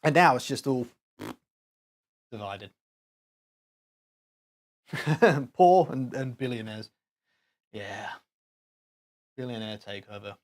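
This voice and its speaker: A man's voice: mid-range voice, slow pace, long pauses. A man hosting a live stream, chatting casually and rambling with chuckles while he talks to his chat.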